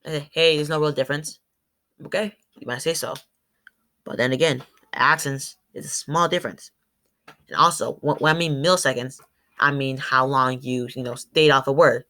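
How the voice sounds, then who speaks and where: A woman's voice: extremely low pitch, moderate pace, bright, forceful tone. A woman presenting to a class. She stumbles over words, corrects herself, and says sample words aloud. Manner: demonstrates sounds aloud. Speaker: student presenter.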